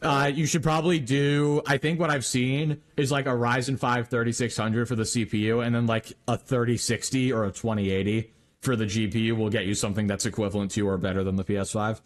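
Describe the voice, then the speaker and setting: A man's voice: mid-range voice, fairly even intonation, a little fast. A man hosting a gaming livestream, chatting casually with many fillers and restarts. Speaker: stream host.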